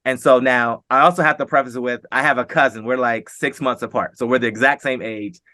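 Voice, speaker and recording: A middle-aged man and former pro football player, telling stories in a casual interview, animated and acting out quotes. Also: medium pitch, brisk, no echo, clean studio sound.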